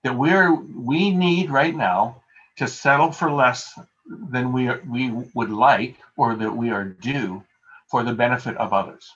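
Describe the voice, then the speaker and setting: A man delivering a sermon at a mid pitch, speaking in an easygoing, anecdotal way and poking fun at himself. The sound is muffled and lo-fi, like audio from a video call. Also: a little slow, fairly bright tone. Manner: conversational, anecdotal, self-deprecating. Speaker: pastor.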